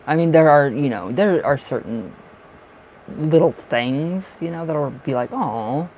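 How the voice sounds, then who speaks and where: A man with a raspy smoker's voice doing tarot readings on a livestream, chatting in a rambling way and laughing often. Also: on the high side, lively intonation, a little slow, darkish tone, a little hiss or hum, low-quality recording. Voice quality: raspy from smoking. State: short of breath at times. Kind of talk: casual livestream chat.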